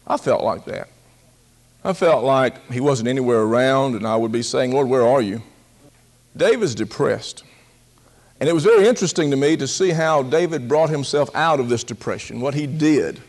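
A man preaching a sermon in a folksy, humorous way, slowing down on key words and acting out quotes in a raised voice, often laughing. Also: medium pitch, a little mellow. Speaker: pastor.

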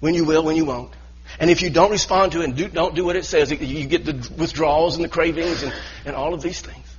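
Male pastor, husky mid-pitched voice, earnest stop-start preaching, muffled church recording. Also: brisk. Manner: earnest preaching with repeated restarts. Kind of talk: sermon.

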